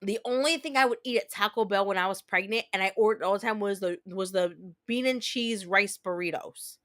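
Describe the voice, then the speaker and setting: A woman's voice: medium pitch, brisk, a bit bright, dry recording. A woman in her thirties from New Jersey, a game streamer telling rambling stories in casual chat, close to her mic. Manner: rambling, chatty storytelling with many restarts. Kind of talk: casual chat while gaming.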